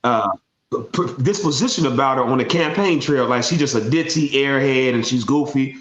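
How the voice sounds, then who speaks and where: A man's voice: mid-range voice, normal speed, a bit bright, roomy sound. A man speaking as a guest in a casual panel discussion, conversational and full of fillers.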